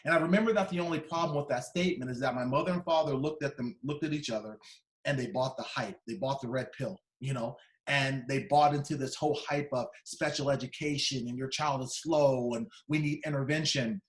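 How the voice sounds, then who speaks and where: A man's voice: mid-range voice, brisk. Man in his fifties telling a dramatic story. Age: 50s. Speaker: keynote speaker. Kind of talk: personal storytelling speech. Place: large conference hall. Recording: echoey conference hall.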